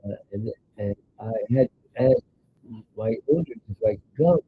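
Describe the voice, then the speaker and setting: A man in his nineties with a New York accent, telling rambling stories in a halting way with many filler sounds. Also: on the low side, animated, slight background noise. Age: 90s. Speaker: interview guest, grandfather. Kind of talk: casual storytelling chat. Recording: tinny phone-like sound.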